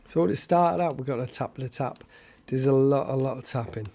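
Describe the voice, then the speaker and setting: A man hosting a casual live stream, chatty and excitable, thanking viewers by name. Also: medium pitch, fairly quick, noisy background.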